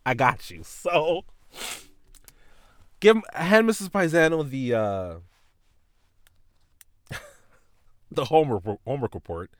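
A man's voice: a little high, slow, long pauses, no room sound, clean studio sound. A man hosting a podcast, telling a childhood story in a casual, profane way. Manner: animated, profane, voices his teacher and mom in retelling. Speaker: podcast host.

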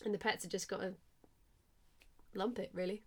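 A woman co-hosting a live stream, bubbly and quick to laugh. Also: medium pitch, fairly even intonation, a little mellow, breathy edge. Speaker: radio show co-host. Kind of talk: casual live-stream chat.

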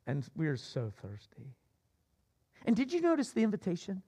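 A man preaching a sermon as pastor, swinging between loud emphatic cries and low asides. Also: wildly swooping pitch, moderate pace, slightly rough.

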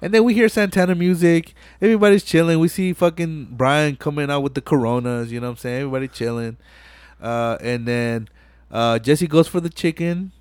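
Talking a little fast in a fairly high, clear, resonant voice, a podcast host animatedly recaps a movie scene by scene. He curses a lot and acts out the characters' lines in a casual style. There's no echo.

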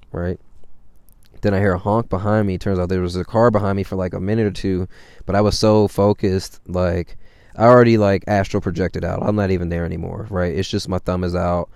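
A low, mellow-voiced young man tells a story in a loose, rambling way, with plenty of swearing and filler words. His voice has a gravelly, smooth edge, and the sound is dry and close. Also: dry recording. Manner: rambling and profane, with constant fillers. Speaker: vlogger. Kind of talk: casual storytelling.

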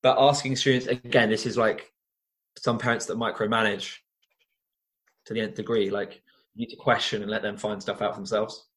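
A young man, a former teacher and youth coach, telling stories in an interview in an earnest, animated way with frequent restarts. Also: fairly low pitch, moderate pace. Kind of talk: conversational interview storytelling.

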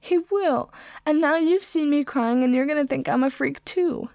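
A woman's voice: high voice, moderate pace, vocal fry, a little mellow, no room sound, studio quality, voice pushed up. Harry, a woman doing a sobbing teenage boy. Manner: whimpering, stammering through tears.

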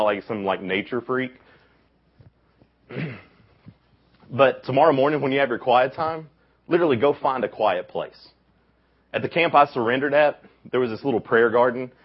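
Young male youth speaker, deep and husky, lively storyteller who acts out quotes, dull lo-fi recording. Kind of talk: casual youth sermon.

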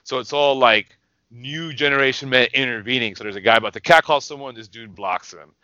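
Heated, profane man in a bright voice. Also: medium pitch, fairly quick, dull audio, slight background noise. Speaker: podcast co-host. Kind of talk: casual profane rant.

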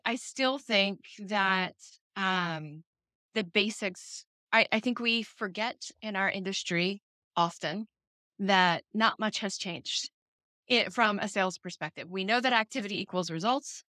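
A bubbly woman co-hosts a casual podcast in a bright, medium-pitched voice at a measured pace. The recording is dry and studio quality.

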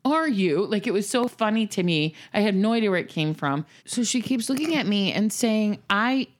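A woman's voice: mid-range voice, normal speed. A woman in her thirties telling a family story in casual chat, acting out the voices of the people in it. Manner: animated storyteller who acts out voices.

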